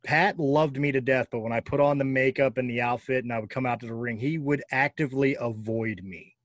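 A man's voice: medium pitch, fairly even intonation, brisk, dry recording. Blunt storytelling man, dry sound. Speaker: interviewer, former wrestler. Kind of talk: casual conversation.

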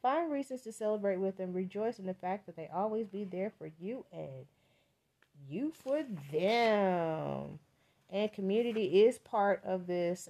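A woman's voice: mid-range voice, dark tone. Woman, tarot reader, casual podcast delivery, emphatic and a bit profane, mid-range voice. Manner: chatty, emphatic, loose and profane; repeats words for emphasis.

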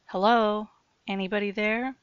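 A woman voicing a nervous, frightened young man who protests loudly. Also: mid-range voice, fairly even intonation, unhurried, clean tone, no room sound, dull audio, pitched above the performer's own voice, lightly acted. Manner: jumpy, loud protests.

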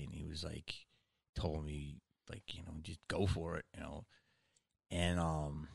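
A man hosting a casual chat, telling stories in an animated way and swearing freely. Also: extremely low pitch, vocal fry, no echo, studio quality.

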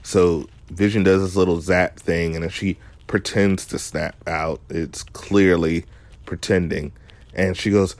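A man's voice: deep voice, fairly even intonation, unhurried, a little mellow, no room sound. A man giving a casual recap of a show episode, analytical and emphatic, often restarting his sentences.

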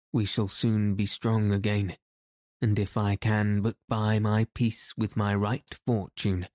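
A man voicing a gruff, commanding, vengeful middle-aged knight in archaic speech. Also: fairly low pitch, darkish tone, no echo, studio quality.

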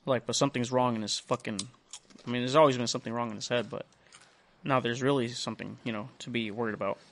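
A young podcast host with a mid-range voice speaks fast, casually telling a long story laced with profanity. He animates it by acting out the other people's lines in quoted voices.

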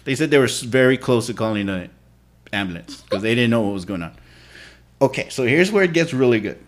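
Male podcast co-host, casual storyteller, mid-range voice, relaxed swearing. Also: medium pitch, fairly quick.

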